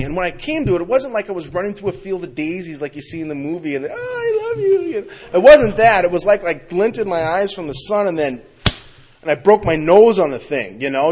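A man telling his own recovery story at a meeting, with emphatic storytelling that swings from loud outbursts to quiet, low passages. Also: husky. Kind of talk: personal recovery talk.

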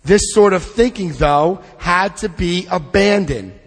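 A man's voice: sits high, expressive, a little slow, long reverb tail. A man leading a twelve-step study group, reading passages aloud and adding blunt, joking asides. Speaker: recovery workshop leader.

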